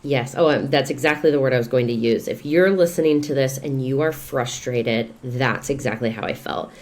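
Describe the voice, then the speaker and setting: A woman, a real estate investor and coach, talking as a podcast guest in lively, expressive storytelling. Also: extremely low pitch, normal speed. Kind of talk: casual podcast conversation.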